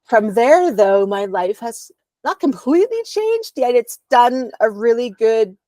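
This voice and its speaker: A woman's voice: on the high side, sing-song, unhurried, warm tone, dry recording. A woman, a podcast guest, candidly telling a personal story at home over a video call, with a rambling flow and frequent ums.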